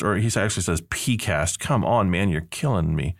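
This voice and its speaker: A man's voice: deep voice, moderate pace, vocal fry. A man hosting a podcast in casual banter, reading out listener reviews with playful emphasis and frequent laughs. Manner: jokey, laughs often, reads quotes with mock emphasis. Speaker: podcast host, seminary professor.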